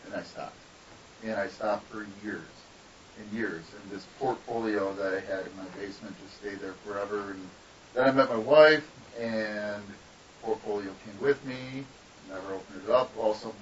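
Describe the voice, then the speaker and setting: A man's voice: lowish voice, normal speed. A man, a guest artist, telling rambling, profane stories in a casual podcast interview. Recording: distant, dull lo-fi mic with faint hiss.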